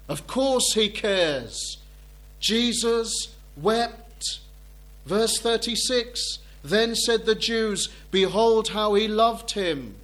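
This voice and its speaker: A man's voice: high voice, a bit bright. A man preaching a sermon, reading scripture aloud in old-fashioned wording and repeating key phrases for emphasis. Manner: slow, deliberate preaching with emphatic repetition.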